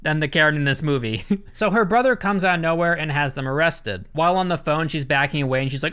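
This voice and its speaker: Bright, crisp-voiced male movie commentator. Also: on the high side, fast. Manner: sarcastic, laughs between lines. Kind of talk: comedic movie recap.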